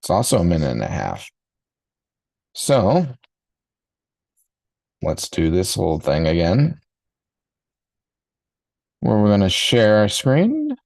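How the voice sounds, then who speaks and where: A low-pitched man hosts a live podcast reaction stream, chatting casually and rambling with plenty of ums as he reminisces. The recording is dry and close, with no room around the voice. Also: wildly swooping pitch, slow, creaky, long pauses, darkish tone, dry recording. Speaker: podcast host.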